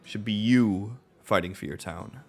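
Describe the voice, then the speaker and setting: A man's voice: lowish voice, moderate pace, creaky, darkish tone, faint music behind. A man voicing a stern, commanding knight. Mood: lecturing. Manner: commanding, formal, lecturing. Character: confident stern male knight swordsman.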